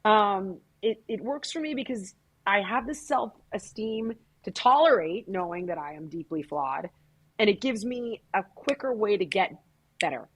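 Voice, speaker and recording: Husky, blunt middle-aged woman. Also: medium pitch, expressive, normal speed. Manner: blunt, emphatic and profane. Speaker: interview guest. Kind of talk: candid conversational interview.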